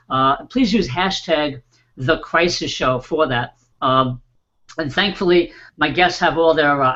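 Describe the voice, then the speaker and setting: A man hosting an online panel show, warmly introducing his guests and filling pauses with small "uh"s. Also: on the high side, dull audio. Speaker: host.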